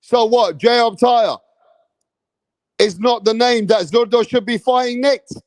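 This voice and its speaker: A young British man hosting a boxing live stream, talking in slangy, animated bursts straight to his chat. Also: very high voice, measured pace, no echo. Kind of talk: casual live-stream commentary.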